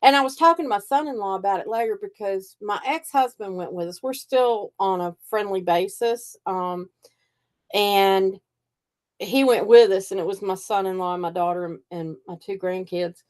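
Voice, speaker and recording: A woman's voice: medium pitch, normal speed. An older woman, a psychic reader and host, telling stories in casual chat and acting out the voices of people she quotes. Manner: animated storyteller, acts out quoted voices.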